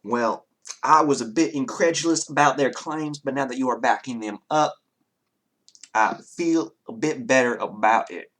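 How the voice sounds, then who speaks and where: A man's voice: mid-range voice, moderate pace, a bit bright, close to an everyday voice. A man from the Southern US voicing a polite, fussy Southern town official in a tabletop game, with a put-on Southern drawl. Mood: courteous drawl.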